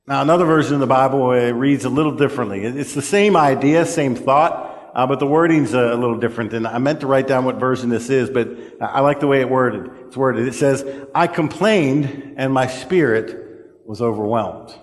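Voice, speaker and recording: Earnest male preacher in an echoey hall. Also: medium pitch. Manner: earnest, halting delivery with frequent fillers, slows to stress key words. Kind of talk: sermon. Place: church sanctuary.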